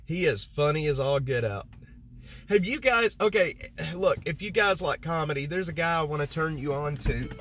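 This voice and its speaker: A man streaming live, talking loosely to his chat in a somewhat high voice. He rambles from one thought to the next, trips over words and laughs at his own slips. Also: animated, normal speed, fairly bright tone. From Texas. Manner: rambling, self-mocking, talks to chat. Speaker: livestreamer.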